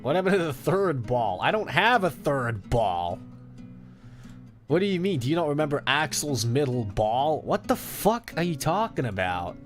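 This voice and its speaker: Lively, foul-mouthed male streamer. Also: mid-range voice, moderate pace, faint music behind. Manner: crude, joking, trash-talking chat, laughing often. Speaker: VTuber streamer. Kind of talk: casual chat stream.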